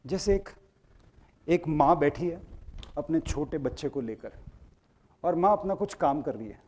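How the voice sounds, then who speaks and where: A man's voice: fairly high pitch, expressive, rapid-fire, darkish tone. A middle-aged man with an Indian accent gives a motivational talk to a live audience, switching between Hindi and English and putting questions to the crowd again and again. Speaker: speaker leading a workshop. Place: auditorium with an audience.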